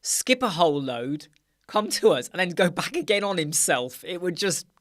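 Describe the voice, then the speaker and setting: A British man hosting a casual live chat jokes, laughs frequently and reads out what viewers write. His high-sitting, fairly bright voice has big pitch swings at a moderate pace. The recording is dry and close, made in a dark room with soundproof panels.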